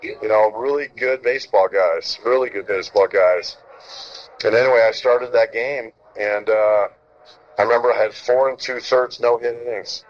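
A middle-aged man, a former pitcher, telling stories in casual chat, acting out quotes and swearing freely. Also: moderate pace. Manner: animated storyteller, acts out quotes, swears freely. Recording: dull lo-fi sound.

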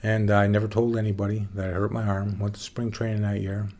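A man being interviewed, telling stories from his years as a baseball pitcher in a relaxed, folksy way with some plain swearing. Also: a little fast. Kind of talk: casual storytelling interview.

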